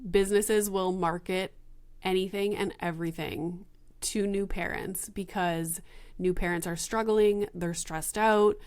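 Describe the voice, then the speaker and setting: A woman's voice: medium pitch, steady tone, unhurried, darkish tone. A young adult woman hosting a solo podcast, talking casually and frankly with swearing and many fillers. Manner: frank and chatty, swears freely. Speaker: podcast host.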